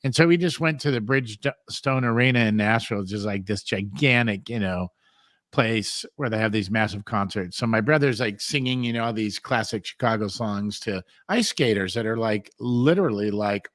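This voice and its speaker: A man's voice: medium pitch, no room sound, studio quality. A middle-aged man hosting a talk show, telling rambling stories in casual chat and filling his talk with "man" and "you know".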